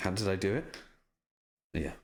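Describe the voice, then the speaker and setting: A man's voice: sits low, lively intonation, moderate pace, a little hiss or hum. A man chatting casually on a live stream while signing prints, self-deprecating and swearing often.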